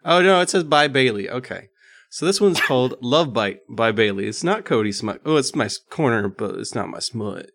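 A man's voice: medium pitch, expressive, normal speed, fairly bright tone, dry recording. A man co-hosting a podcast, joking around and reading a racy story aloud with mock drama and stumbles. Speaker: podcast co-host. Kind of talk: casual chat and reading smut aloud.

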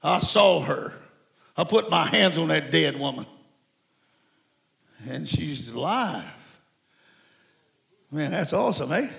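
Man, 70s, from Mexico. Preacher giving a sermon. Raised, gravelly delivery with folksy stories and sudden shouting. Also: on the high side, slow, long pauses. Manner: folksy, animated storytelling with bursts of shouting.

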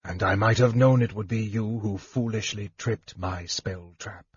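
A quiet, menacing male wizard voiced by a man narrating a fantasy audiobook speaks in a low, husky hush. His words are slow and derisive. The recording is dry and a little dull. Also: no room sound.

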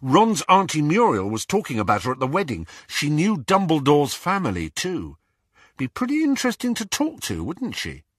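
A keen teenage boy wizard who holds something back, as a male reader puts him on. His husky voice moves up and down with eagerness, dry and close. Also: a little high, huge pitch swings, normal speed, a bit bright, dry recording, pitched above the performer's own voice, exaggerated voice. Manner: eager, guarded.

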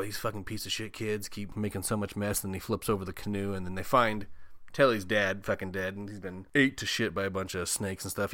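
A man's voice: fairly low pitch, fairly bright tone, no echo, clean studio sound. A man giving a casual, joking recap of a movie, swearing freely and acting out the characters' lines. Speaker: podcast host.

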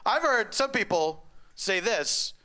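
A middle-aged man telling a stand-up story on stage, wry and deadpan with sudden loud outbursts. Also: sits high, slow. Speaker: stand-up comedian. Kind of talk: stand-up comedy set. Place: comedy club stage before a live audience.

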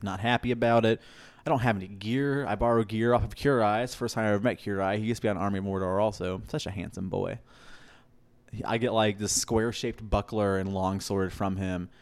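A man's voice: lowish voice, a little fast. A young man co-hosting a podcast, telling a long, rambling, profane story and acting out the quotes. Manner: profane, rambling, animated anecdotes with acted-out quotes. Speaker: podcast co-host. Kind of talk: casual storytelling.

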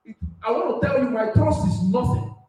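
A man preaching a sermon on a radio platform, swinging between loud shouting and soft asides and laughing often. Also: very high voice, expressive, normal speed, very echoey, far from the mic, faint music behind, low-quality recording.

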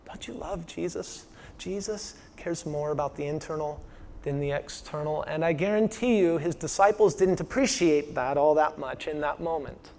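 A man with a fairly high voice delivers a sermon. He keeps it conversational, tossing rhetorical questions to the congregation. He often drops to a quiet, intense tone to stress a point. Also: moderate pace, creaky, slight background noise. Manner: conversational preaching with rhetorical questions, dropping soft for emphasis. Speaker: pastor.

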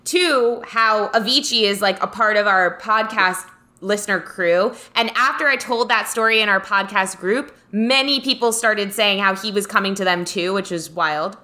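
A podcast co-host with a bright, clear voice tells a story in casual chat. She gets animated and acts out the lines of the people she quotes. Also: medium pitch, moderate pace.

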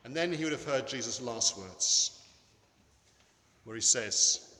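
A man's voice: mid-range voice, lively intonation, sharp tone. Earnest male preacher in echoey hall. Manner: earnest, emphatic, with dramatic pauses. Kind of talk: sermon. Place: church. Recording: echoey hall with long reverb.

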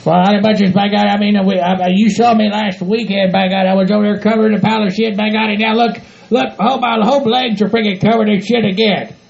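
A man voicing a gruff, grumbling hillbilly rancher in a comedy audio skit, swearing and repeating himself constantly. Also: high-pitched, steady tone, a little fast. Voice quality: gravelly, exaggerated country hick voice. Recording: dull lo-fi home recording.

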